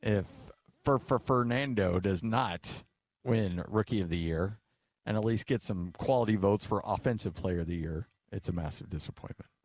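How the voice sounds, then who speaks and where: A man's voice: on the low side, moderate pace, no room sound. Middle-aged radio guy telling a story, acts out what people said, lots of uhs, dry close mic. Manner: animated storyteller, acts out quotes with filler uhs. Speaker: sports radio co-host. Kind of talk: casual sports radio chat. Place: radio studio. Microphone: studio microphone.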